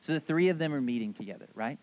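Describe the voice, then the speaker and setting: A man in his thirties preaching a sermon, animated and casual, acting out voices in his retelling. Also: medium pitch, very fast, highs cut off. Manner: animated storyteller, acts out voices, casual asides. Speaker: pastor.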